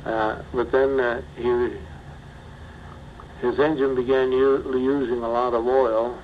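Old guy reminiscing about flying, lots of uhs, muffled old tape w faint hiss. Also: mid-range voice. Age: older. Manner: halting, many pauses and fillers. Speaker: retired bush pilot. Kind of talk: oral history interview.

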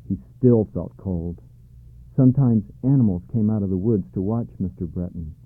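A man's voice: fairly low pitch, normal speed, no echo. Man reading a storybook, thin dry sound. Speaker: narrator. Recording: dry tinny narrow-band sound.

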